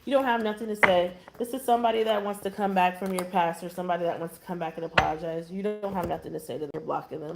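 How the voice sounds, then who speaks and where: A woman's voice: mid-range voice, quick pace, vocal fry, loud music behind the voice. A woman giving a casual tarot reading, blunt and chatty with exasperated asides. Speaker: tarot reader.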